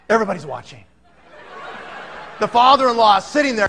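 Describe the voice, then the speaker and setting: A man telling a comic story to an audience, animated and laughing, acting out the scenes. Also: extremely high pitch, quick pace, gravelly, long pauses. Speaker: speaker.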